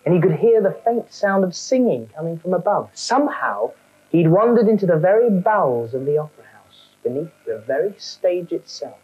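Low, lively woman reading a storybook. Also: moderate pace, lo-fi sound. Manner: wry, animated. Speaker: narrator. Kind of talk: storybook narration.

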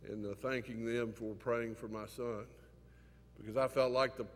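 A man's voice: medium pitch, flat delivery, moderate pace. Older guy preaching a sunday class, emotional, lots of uhs, mid voice, echoey church. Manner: earnest, emotional storytelling with many fillers. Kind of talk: sermon. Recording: hall reverb.

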